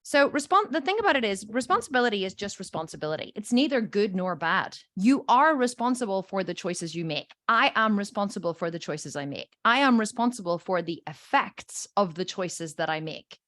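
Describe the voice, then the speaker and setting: A woman coaching a group in a lively, animated way, her pitch swinging widely as she tells stories. She keeps checking in with her listeners and acts out the voices of the people in her examples. The sound is dry and close, with almost no room around it. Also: a little fast, hardly any pauses, no echo. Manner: animated storytelling, checks in with "okay?" and "right?". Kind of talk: teaching a group session.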